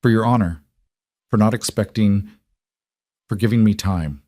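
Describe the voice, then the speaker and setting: A man voicing a young frontier bride who speaks softly and earnestly, in a western storybook reading. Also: fairly low pitch, moderate pace, no room sound, studio quality, close to an everyday voice. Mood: grateful.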